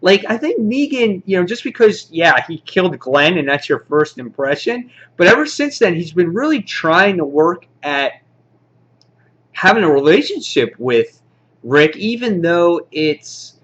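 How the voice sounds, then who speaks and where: A man casually reviewing a comic book, rambling excitedly and acting out the characters' lines. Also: sits high, unhurried, dull audio.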